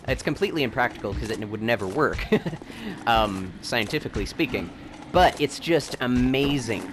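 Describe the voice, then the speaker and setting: Male game commentator, excitable, rambling, mid-pitched, noisy recording with game sound. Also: moderate pace. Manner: rambling, excitable, laughs often. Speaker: let's play host. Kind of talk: gameplay commentary.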